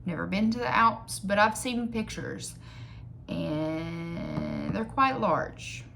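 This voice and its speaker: A woman's voice: fairly low pitch, slow, vocal fry, a bit bright, a little hiss or hum. A young woman chatting casually while doing her makeup on camera, rambling, joking about herself and reading figures aloud from a screen. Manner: rambling, joking and self-mocking. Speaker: beauty vlogger.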